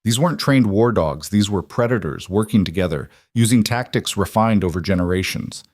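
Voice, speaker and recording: A man narrating a dramatic fantasy story in a steady, scripted storytelling read. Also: on the low side, a little fast, no echo, clean studio sound.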